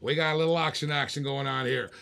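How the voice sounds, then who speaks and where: Gravelly man calling a live auction. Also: on the high side, steady tone, fast talker, a bit bright. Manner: playful, repetitive bid patter with jokes. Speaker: auctioneer and host.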